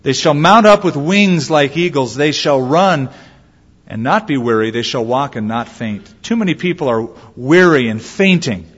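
A man's voice: mid-range voice, animated, normal speed, slightly rough. A man preaching a sermon as a pastor, acting out quoted voices as he goes. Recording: lo-fi with long hall reverb.

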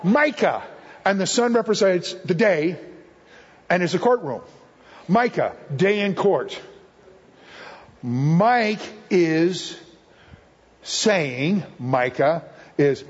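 A man's voice: a little high, animated, takes it slowly, pauses often, breathy edge. A male guest speaker giving a jokey sermon full of puns, acting out the voices he quotes. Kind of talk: humorous sermon teaching. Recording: echoey hall, dull lo-fi sound.

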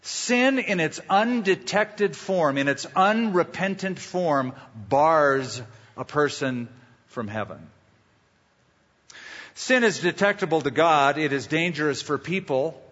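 A pastor preaching a sermon with emphatic rhetorical questions and homely illustrations. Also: male voice, on the high side, lively intonation, slow, fairly bright tone, long reverb tail, highs cut off.

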